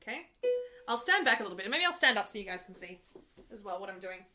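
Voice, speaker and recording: A woman's voice: medium pitch, sing-song, fast talker, over loud music. A young woman opera singer talking casually from her apartment, explaining an aria between sung examples in a chatty, patient way with easy laughs.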